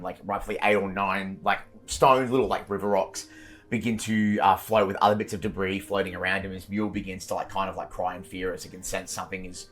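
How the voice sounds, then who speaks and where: Casting: male dungeon master, lowish voice, gory horror narration with loose fillers. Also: level tone, a little fast, faint music behind. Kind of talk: narrating a tabletop game.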